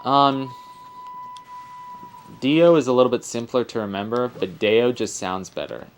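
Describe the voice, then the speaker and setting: A young man comments casually over gameplay, rambling and correcting himself mid-thought. His voice sits at an ordinary male pitch. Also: unhurried, soft background music. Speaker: let's play host.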